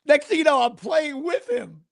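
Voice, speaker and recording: A man's voice: very high-pitched, moderate pace, gravelly. A middle-aged man hosting a casual chat, telling a story with laughs and acting out what people said. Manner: animated, laughs mid-story, acts out quotes. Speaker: podcast host.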